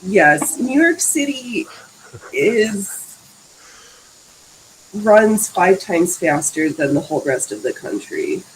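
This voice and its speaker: Slow-talking, lively woman host. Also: mid-range voice, a little hiss or hum, poor audio. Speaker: livestream host. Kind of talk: casual chat.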